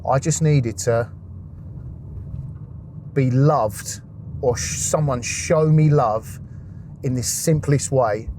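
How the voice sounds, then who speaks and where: A man's voice: mid-range voice, takes it slowly, pauses often, mellow. Guy on a podcast, blunt and sweary, acts out what he was thinking, faint noise behind. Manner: candid, swears often, acts out his own past thoughts. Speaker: podcast guest. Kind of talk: emotional personal storytelling.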